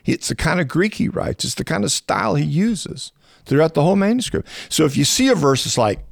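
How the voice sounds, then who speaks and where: Speaking with vocal fry, a male biblical scholar teaches in a chatty podcast manner, growing animated and climbing in pitch on key points. He frequently restarts phrases and slows to explain, captured in a dry, studio-quality recording.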